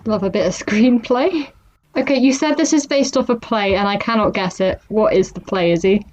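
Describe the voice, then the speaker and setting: A British woman co-hosting a writing podcast in casual chat, talkative and quick to laugh. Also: mid-range voice, darkish tone. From Britain. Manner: chatty, laughs easily. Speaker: podcast co-host. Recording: dull lo-fi podcast mic.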